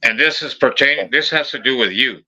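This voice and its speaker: A man's voice: mid-range voice, brisk, breathy edge, dull audio. A man hosting a podcast, telling a funny story in casual, profane chat, acting out the voices in it. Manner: animated storyteller, acts out voices, swears a lot. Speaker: podcast host.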